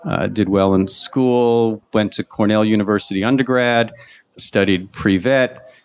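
Low-voiced wry veterinarian guest. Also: male voice, steady tone, a little slow, clean tone, dry recording. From Long Island, New York. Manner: wry, anecdotal storytelling. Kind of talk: casual interview chat.

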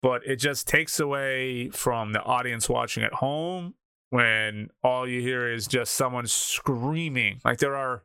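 A man's voice: medium pitch, a little slow, pushed and bright, clear, resonant tone, no echo, studio quality. A man co-hosting a casual sports podcast, ranting bluntly and with exasperation. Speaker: podcast co-host.

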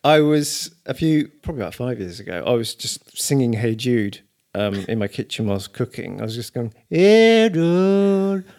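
A man chatting on a podcast as a guest comedian. He tells jokey, self-mocking stories at an even, ordinary pitch. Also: a little fast, gravelly, hardly any pauses. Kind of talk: casual podcast chat.

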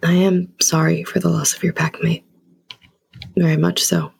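A woman's voice: lowish voice, level tone, normal speed, vocal fry, darkish tone, slightly rough. A woman player speaking formally in character during a tabletop role-play. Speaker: player voicing a vampire.

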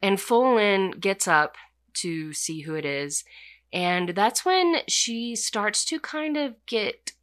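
A woman's voice: medium pitch, lively intonation, slow, fairly bright tone. A young woman casually retelling a fantasy novel's plot, chatty and full of fillers. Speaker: book reviewer. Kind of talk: casual book recap.

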